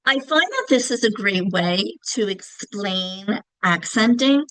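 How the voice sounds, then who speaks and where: A woman's voice: mid-range voice, lively intonation, slow pace, a bit bright, dry recording, low-quality recording. Woman teaching with a dry, close sound. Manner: casual, clear, stretches example words for emphasis. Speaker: literacy teacher trainer. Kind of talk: instructional presentation.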